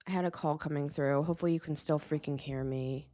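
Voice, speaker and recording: A woman's voice: sits low, fairly even intonation, quick pace, warm tone. A woman hosting a casual tarot reading vlog, rambling and agitated, swearing and laughing as she talks. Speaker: tarot reader, show host.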